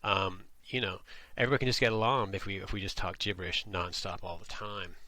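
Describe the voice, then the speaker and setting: A man's voice: low-pitched, steady tone, fast talker, sharp tone, dry recording. A man from Atlantic Canada delivering a tongue-in-cheek satirical monologue, rambling and musing as he goes. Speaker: vlogger.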